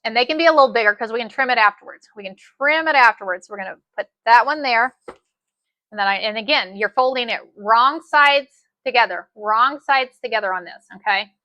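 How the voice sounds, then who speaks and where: A woman giving a casual sewing machine demonstration, chatty and excitable, repeating her phrases as she works. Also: fairly high pitch, fairly quick, no echo. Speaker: sewing instructor.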